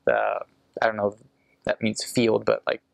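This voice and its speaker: An American man explaining casually, rambling with fillers and restarts, and slowing down to demonstrate sounds. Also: fairly low pitch, monotone, creaky, no echo. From United States. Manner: demonstrates sounds slowly and carefully. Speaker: returned missionary explaining an accent.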